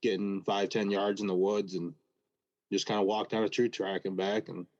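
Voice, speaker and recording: A man with a lowish voice recounts his trip in a halting way, full of fillers and restarts. His voice comes through a muffled, lo-fi video call. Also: little pitch movement, darkish tone. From Michigan. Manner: halting, hesitant, many fillers. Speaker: caller. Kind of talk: casual chat.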